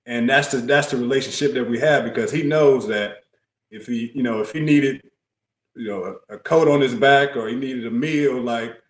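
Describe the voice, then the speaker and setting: Calm man repeating himself for emphasis. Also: medium pitch, normal speed. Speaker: guest, former NBA player. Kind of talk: casual interview chat. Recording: roomy echo.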